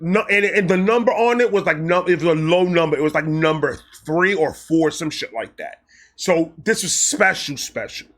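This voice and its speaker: A man telling a personal story in a casual vlog, excitable, animated and full of profanity. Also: on the high side, normal speed, few pauses. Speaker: storyteller host.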